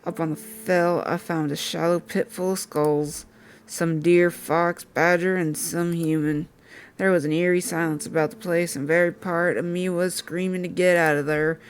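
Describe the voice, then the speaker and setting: A woman's voice: lowish voice, fairly even intonation, moderate pace, natural voice. Woman doing a rugged country man, shaken. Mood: uneasy. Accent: put-on country accent.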